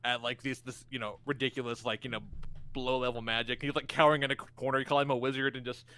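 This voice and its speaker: A man's voice: mid-range voice, quick pace, clear, resonant tone. A man co-hosting a podcast in casual chat, telling stories with plenty of swearing. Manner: animated storytelling, swearing. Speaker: podcast co-host.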